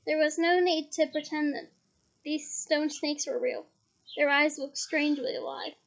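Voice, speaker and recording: High-voiced woman reading a novel aloud. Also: steady tone, unhurried, creaky. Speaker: reader.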